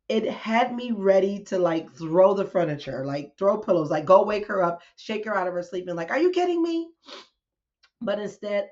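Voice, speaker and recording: A candid woman hosts a diary-style podcast, her voice sitting a little low and her storytelling lively with acted-out quotes. The recording sounds slightly dull and lo-fi. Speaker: podcast host.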